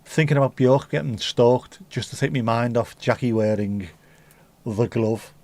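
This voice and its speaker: A man hosting a relaxed livestream chat in a middle-pitched voice. He riffs in crude, joking banter and swears freely. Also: a little slow, no echo. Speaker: livestream host. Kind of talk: casual pub-style livestream chat.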